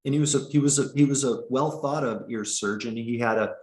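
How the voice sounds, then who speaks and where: A man teaching an online meditation class, speaking slowly and haltingly with many restarts, over a video call. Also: mid-range voice, a little mellow, roomy sound. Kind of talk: online dharma talk.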